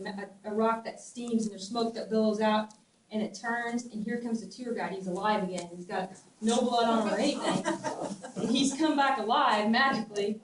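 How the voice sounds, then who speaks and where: A middle-aged woman with a Southern US twang, telling stories in a casual, animated way, laughing often and restarting her sentences. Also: fairly high pitch. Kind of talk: casual storytelling. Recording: echoey room, distant mic, faint ambient noise.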